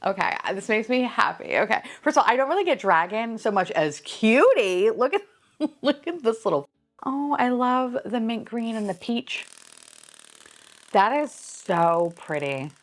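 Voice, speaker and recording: A young woman chatting casually as she unboxes collectibles, excitable, laughing often and cursing freely. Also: a little high, measured pace.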